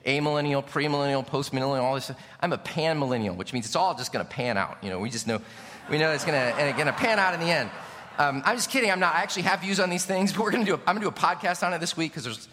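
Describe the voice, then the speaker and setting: Male pastor, sermon, emphatic, bright forceful tone, long church reverb. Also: a little high. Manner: emphatic, swings from loud to hushed.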